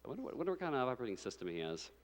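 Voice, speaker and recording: A man's voice: medium pitch, big pitch swings, very fast. A man presenting a live speedrun showcase, chatty and loose, joking with the others.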